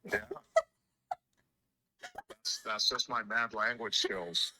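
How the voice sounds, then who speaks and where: Young man on a call, deadpan joker, bright tone. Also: lowish voice, slow pace. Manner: joking, deadpan. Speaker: caller on a voice call. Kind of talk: casual chat.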